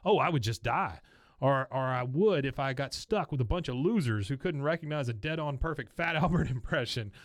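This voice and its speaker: A man's voice: medium pitch, expressive, a little fast, dry recording, lightly acted. A man voicing a fed-up middle-aged housewife who mocks other moms in a sugary, sarcastic tone. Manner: mock-sweet, sarcastic.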